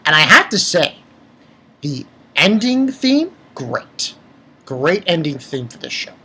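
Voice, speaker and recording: A man talks through an episode review in a loose, rambling way. He swears freely and restarts sentences often. His voice is husky, and his pitch jumps around a lot. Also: very animated, takes it slowly, pushed and bright. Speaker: anime reviewer. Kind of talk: casual spoken episode review.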